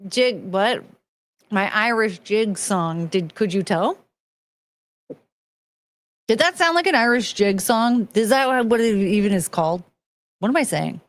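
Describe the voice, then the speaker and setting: A woman's voice: mid-range voice, lively intonation, unhurried, long pauses, no echo. A woman hosting a casual stream, chatting frankly and crudely with viewers, giggling often.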